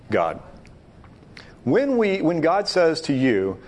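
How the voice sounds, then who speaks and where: A man's voice: on the high side, huge pitch swings, slow, darkish tone. A man leading a Bible study discussion, talking emphatically and thinking aloud with frequent restarts. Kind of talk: teaching discussion.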